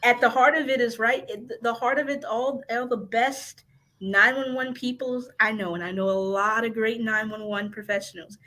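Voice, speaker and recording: A woman's voice: on the high side, fairly even intonation, normal speed, pushed and bright, low-quality recording. A woman dispatch training technician speaking as a podcast guest, earnest and emphatic, repeating her points and laughing along. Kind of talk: casual podcast interview chat.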